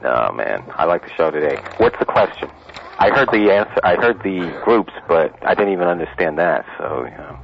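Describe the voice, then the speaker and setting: A deep, gravelly male caller whose pitch swings widely as he drawls sardonic replies. He comes through a tinny phone line full of hiss and clicks. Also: sing-song, moderate pace.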